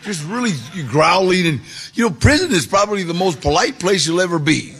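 A man telling a personal story to an audience, animated, with gravelly voice-play in the quotes. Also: sits high, fairly quick. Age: 40s or older. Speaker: guest storyteller.

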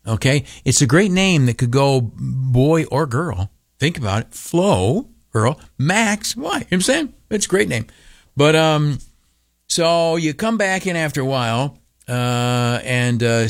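A man's voice: medium pitch, lively intonation, a little slow, no room sound, studio quality. An older man telling a humorous story on the radio, acting out the dialogue in raised voices. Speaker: radio commentator.

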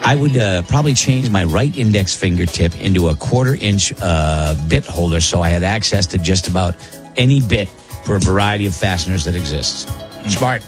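A man's voice: deep voice, expressive, normal speed, over music. A man hosting a morning radio show, bantering with co-hosts and telling rambling, self-interrupting stories in a jokey tone. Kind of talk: casual on-air banter and storytelling. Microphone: studio broadcast mic.

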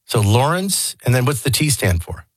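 A man's voice: medium pitch, sing-song, normal speed, slightly rough, no echo. A man hosting a radio morning show, talking in a jokey, sarcastic way. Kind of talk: casual radio talk.

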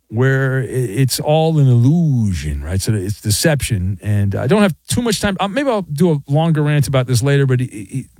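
A man's voice: medium pitch, darkish tone, dry recording. Sarcastic male sports radio host. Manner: sarcastic, teasing callers. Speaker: radio talk show host. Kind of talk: overnight sports talk radio. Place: radio studio. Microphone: studio microphone.

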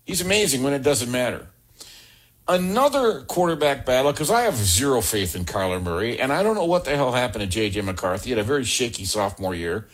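A middle-aged man with a husky voice delivers an opinionated sports talk monologue. He is blunt and sarcastic and leans hard on his opinions with emphatic asides. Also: mid-range voice, big pitch swings, brisk. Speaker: sports commentator.

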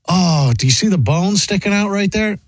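A man's voice: sits high, normal speed, breathy edge, no echo. A man hosting a morning radio show, chatting casually and acting out what people in a video say. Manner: animated, acts out what players say. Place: studio.

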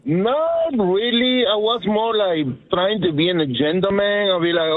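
A man's voice: high-pitched, unhurried, few pauses. A man with a Spanish accent calling in to a radio show, easygoing and hesitant. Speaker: caller. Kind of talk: call-in radio chat. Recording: tinny phone line.

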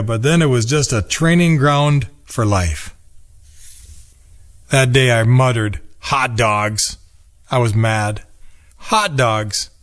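A man in his fifties from Minnesota reading a nostalgic personal essay in a measured, reflective way. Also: medium pitch. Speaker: narrator. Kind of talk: scripted personal essay narration.

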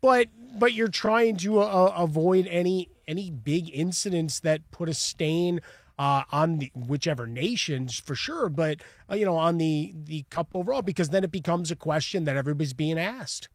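Slightly high-voiced radio co-host. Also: male voice, moderate pace, no room sound, studio quality. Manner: analytical, hesitant with many "uh"s. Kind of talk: sports radio talk.

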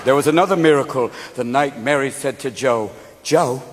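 A man performing stand-up comedy, animated and loud, jumping into characters and shouting punchlines. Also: mid-range voice, fairly quick, a loud crowd, very noisy.

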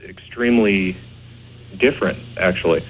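A man's voice: deep voice, normal speed, slight background noise, poor audio. A man answering interview questions as a ghost investigator, hesitant and full of fillers.

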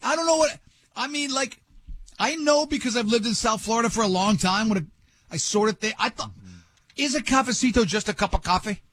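A male radio host chatting casually, teasing his guest and tripping over his own sentences. His voice sits high and a bit husky. The studio sound is dry and close. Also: fairly quick, fairly bright tone, dry recording. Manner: rambling, self-interrupting, teasing.

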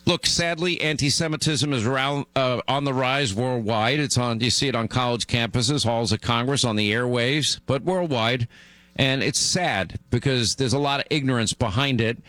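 A man's voice: mid-range voice, normal speed, a bit bright, no echo. A middle-aged man hosting a talk radio show, delivering an emphatic monologue that gets worked up.

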